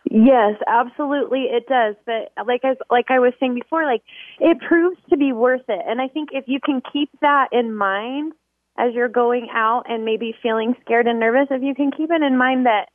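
A woman's voice: a little high, normal speed, dry recording. A woman calling in to a radio show and talking in a rambling way with many fillers. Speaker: caller. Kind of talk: phone-in conversation. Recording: thin telephone line.

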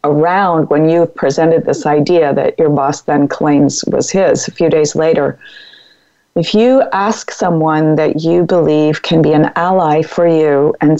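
Calm low-voiced woman on a dull line. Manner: calm, measured coaching delivery. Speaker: guest. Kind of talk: interview conversation.

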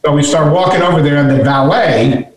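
A man's voice: a little high, brisk, a little hiss or hum. A middle-aged man, a guest author, telling a story in conversation and animatedly acting out the voices he quotes. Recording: echoey room, voice from far off.

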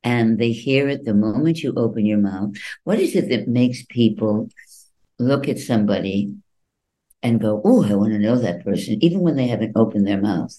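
A man speaking as a guest voice coach in an interview, expressive and acting out little quoted voices. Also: medium pitch, normal speed, low-quality recording. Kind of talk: interview answers.

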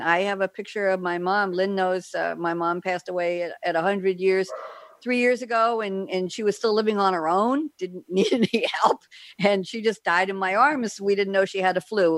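A woman's voice: medium pitch, no echo. A woman hosting an interview at home, chatty and openly emotional. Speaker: host. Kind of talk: casual interview chat.

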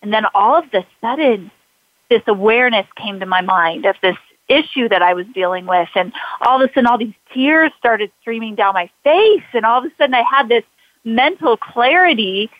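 A female podcast host in a conversational interview tells a personal story, using frequent fillers and restarts. Her voice is on the high side and animated at normal speed, with a dry, lo-fi recording.

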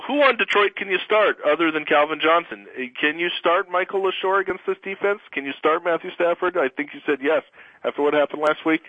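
A tired man hosting a fantasy football chat, firing off quick questions. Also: fairly high pitch, no echo, narrow, tinny audio. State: tired, yawning. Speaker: podcast host.

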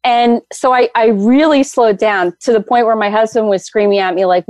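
Animated woman telling a story, dry sound. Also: fairly high pitch, brisk, hardly any pauses, no echo. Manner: animated storyteller, rambling with many fillers. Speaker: guest, energy healer. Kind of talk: casual interview storytelling.

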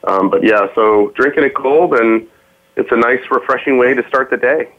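A man guesting on a radio show, chatting casually and haltingly with many ums and uhs. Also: medium pitch, dull audio. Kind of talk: casual chat on a radio call.

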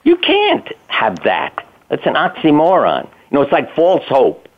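A man's voice: on the high side, wildly swooping pitch, unhurried. An older man, a physician and interview guest, telling plainspoken anecdotes in a casual conversational way, with the odd curse. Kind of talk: conversational storytelling. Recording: tinny phone line.

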